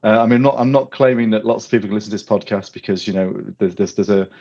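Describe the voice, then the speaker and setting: A man hosts a casual podcast chat. His voice is on the low side and he rambles good-naturedly. The recording is dull and lo-fi. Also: fast talker, a little mellow. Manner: chatty, rambling, laughs often. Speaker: podcast host. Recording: dull lo-fi audio.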